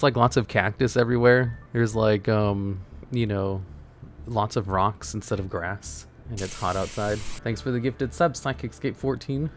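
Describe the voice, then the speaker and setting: A young adult man streamer telling a rambling, exasperated story in casual chat, full of fillers. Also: mid-range voice.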